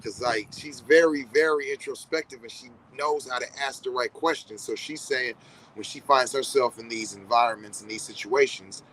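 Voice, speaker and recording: A man's voice: mid-range voice, normal speed, fairly bright tone, a little hiss or hum, poor audio. A man in a reflective casual monologue, speaking directly to his viewers in a conversational, profane way. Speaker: vlogger.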